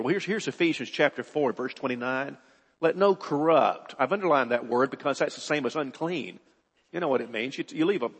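A man's voice: on the high side, fairly bright tone. A man preaching a sermon, earnest and repetitive, building to emphatic bursts. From United States. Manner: earnest, repeats words, rises to emphatic bursts. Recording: husky voice in a reverberant hall.

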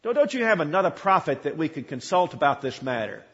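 A man's voice: a little high, very animated, fast, a bit bright. A cautious king, as a male preacher voices him, who keeps pressing his point in a polite but insistent way. The voice sounds muffled and a bit dull, in a big echoing room. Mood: doubtful.

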